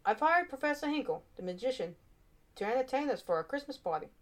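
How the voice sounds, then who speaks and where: A woman voicing a brisk, cheerful schoolteacher in a storybook reading. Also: high-pitched, sing-song, pitched above the performer's own voice.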